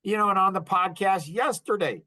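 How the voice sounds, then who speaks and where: A man's voice: sits high, moderate pace. Rambling man venting on a podcast. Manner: rambling, animated, acts out quoted conversations. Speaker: podcast host. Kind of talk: casual monologue.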